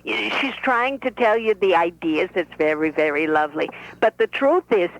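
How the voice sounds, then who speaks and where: A woman's voice: fairly low pitch, lively intonation, normal speed, slight background noise. A woman voicing a pushy, chatty elderly grandmother with a Brooklyn and Yiddish-tinged accent, heard over a dull telephone line. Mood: boastful, chatty. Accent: Brooklyn with Yiddish inflection. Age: older. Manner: brash, folksy, talks over people. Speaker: playwright performing her character.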